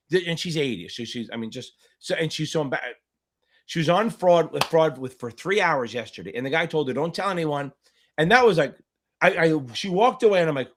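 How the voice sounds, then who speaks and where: The speaker is a middle-aged man whose animated voice is on the high side with a fairly bright tone. He tutors for a finance exam on a live Q&A stream, swearing constantly and delivering blunt, rapid-fire rants.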